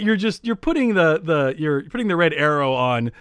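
A man co-hosting a podcast, telling a story in casual chat with many restarts, getting loud and lively as he retells it. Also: high voice, brisk, clear, resonant tone, no echo, clean studio sound. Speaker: podcast co-host.

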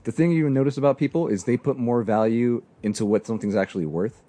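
A young man who is a guest on a podcast, talking casually and telling animated stories full of slang. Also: medium pitch, quick pace.

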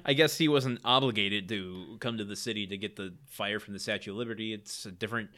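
A man's voice: fairly low pitch, quick pace, pushed and bright. A man co-hosting a comedy podcast, retelling a movie plot in a laid-back way with frequent chuckles. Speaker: podcast co-host. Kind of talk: casual comedic movie recap.

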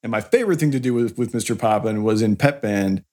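A man's voice: fairly low pitch, quick pace, a little mellow. A man from Iowa co-hosting a podcast, telling a rambling story with laughs and apologies. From Iowa, USA. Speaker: podcast co-host. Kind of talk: casual chat.

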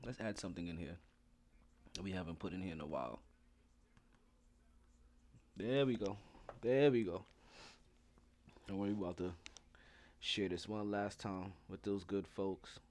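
A man's voice: low voice, fairly even intonation, brisk, a little hiss or hum. A man hosting a sports podcast with playful, slangy hype-man banter. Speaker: podcast host.

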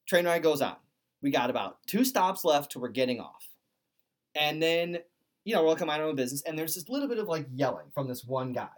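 A man's voice: on the high side, expressive, a little fast. Young guy rambling through a story, lots of likes, acts out the other people, just chatting. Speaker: podcast host. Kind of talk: casual storytelling.

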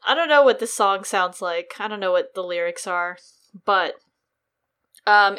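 Young female co-host, animated casual chatter, frequent laughs, playful pitch leaps. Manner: animated, laughs often, pitch jumps when joking. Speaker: podcast co-host. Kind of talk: casual chat.

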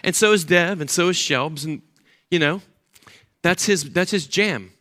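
Preaching as pastor, this older man speaks a little slowly, with a voice that sits high. He's a lively storyteller who performs the voices of characters in his tales.

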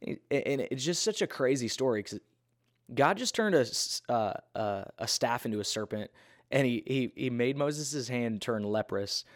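A man's voice: medium pitch, lively intonation, moderate pace, no room sound, clean studio sound. A man giving a casual, earnest Bible talk in a conversational, self-deprecating way.

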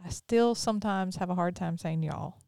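Mississippi woman host, smooth dry voice. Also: fairly low pitch, moderate pace, mellow, no room sound. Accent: Mississippi Southern with some Northern. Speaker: podcast host. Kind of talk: casual chat.

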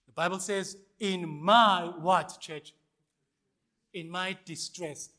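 Here a male pastor delivers his sermon slowly in a high-pitched, steady tone. He shifts between loud and hushed lines and calls on the congregation to respond.

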